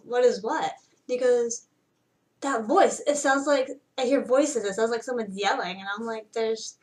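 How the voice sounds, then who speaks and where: A young woman tells a story to her camera in a loose, wandering way, stopping and restarting and leaning on filler words. Her voice has a middling pitch and sits a little back from the microphone. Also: distant mic. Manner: rambling, many fillers and restarts. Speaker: vlogger. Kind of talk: casual personal storytelling. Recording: voice a bit off-mic.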